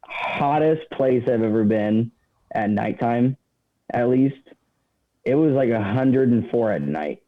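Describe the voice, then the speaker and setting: A man's voice: mid-range voice, expressive, takes it slowly. A man, a podcast guest, chatting casually in short easygoing replies. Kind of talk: casual chat. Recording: tinny phone line.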